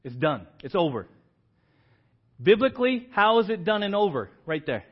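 Animated middle-aged pastor preaching, muffled audio. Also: male voice, sits high, moderate pace, husky. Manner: animated, rising to emphatic exclamations. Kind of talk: sermon. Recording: dull lo-fi sermon audio.

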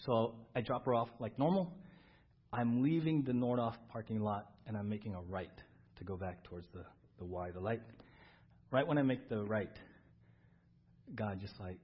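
Pastor, male, husky voice, earnest, repeats himself, muffled lo-fi church audio. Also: on the low side, moderate pace, pauses often. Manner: earnest, repeats words for emphasis. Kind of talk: sermon. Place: church service.

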